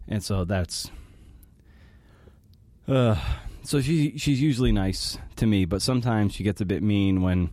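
A man hosting a podcast, speaking in a halting, emotional personal monologue with many restarts. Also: on the low side, warm tone, no echo. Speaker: podcast host.

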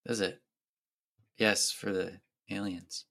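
A man co-hosting a casual podcast, enunciating clearly and carefully. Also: sits low, level tone, takes it slowly, sharp tone. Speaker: podcast co-host.

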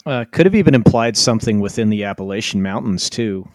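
A man co-hosting a casual movie podcast, hesitant and unsure, trailing off softly. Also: fairly low pitch, expressive, quick pace, dry recording, studio quality. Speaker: podcast co-host. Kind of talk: casual movie review chat.

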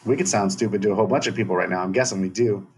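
A man's voice: fairly low pitch, very fast, a little mellow, a little hiss or hum. A man co-hosting a casual podcast, crude and blunt, laughing often. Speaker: podcast co-host. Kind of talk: casual chat.

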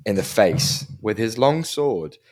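A man's voice: on the low side, very animated, takes it slowly, a little mellow. A man narrating as game master, playful and rambling, with slips and chuckles.

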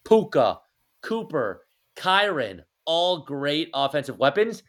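A man's voice: a little high, sing-song, takes it slowly. A man co-hosting a casual sports podcast, teasing and joking as he talks. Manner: playful, teasing, jokey. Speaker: podcast co-host.

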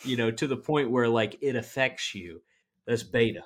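A man's voice: medium pitch, moderate pace. A man co-hosting a comedy podcast, chatting casually with sarcastic, wry remarks. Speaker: podcast co-host.

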